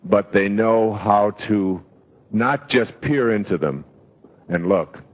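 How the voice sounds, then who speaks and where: A man's voice: fairly low pitch, slow pace, lo-fi sound. A man giving a live motivational talk, telling stories in a rambling way with fillers. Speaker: self-help speaker.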